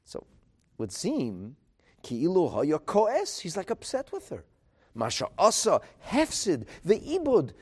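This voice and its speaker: Animated man teaching a Talmud class. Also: high-pitched, takes it slowly, slightly rough. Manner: animated, emphatic, rhetorical questions; mixes in Hebrew and Aramaic terms.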